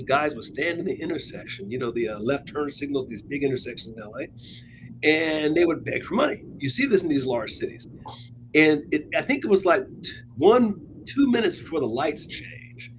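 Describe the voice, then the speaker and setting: A man's voice: fairly high pitch, slight background noise, low-quality recording. A man co-hosting a political talk show, telling anecdotes in a chatty, wry way. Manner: chatty, wry, laughs at his own points. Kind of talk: casual political chat, anecdotal storytelling.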